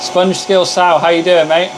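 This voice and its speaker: A man's voice: high-pitched, flat delivery, a little slow. Chatty man over machine hum. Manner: chatty, greets viewers and calls them mate. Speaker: livestream host. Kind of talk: casual live-stream chat. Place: home workshop with laser machines.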